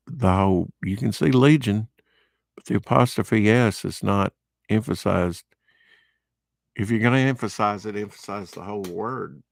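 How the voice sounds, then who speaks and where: A man's voice: lowish voice, creaky, dry recording, studio quality. A man giving casual, rambling commentary while unboxing comic books, with chatty, opinionated asides. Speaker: comic book vlogger.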